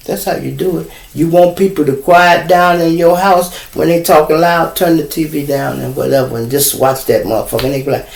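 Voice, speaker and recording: A middle-aged man with a Chicago accent hosts a casual livestream monologue, his voice fairly high, animated, a little fast and touched with vocal fry. Blunt, profane and preachy, he lectures his viewers, and the recording carries a roomy echo.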